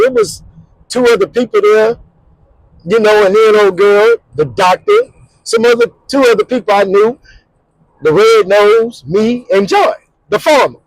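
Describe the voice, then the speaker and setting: A middle-aged man hosting his vlog, telling a story casually in an animated, slangy way, repeating words and little sound effects. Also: sits high, measured pace, no room sound, rough recording. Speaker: vlog host.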